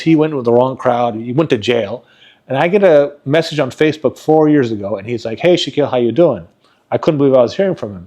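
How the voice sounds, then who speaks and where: A man's voice: medium pitch, a little mellow. A man co-hosting a podcast, telling personal stories in an earnest, motivational way. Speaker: podcast co-host. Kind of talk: casual podcast chat.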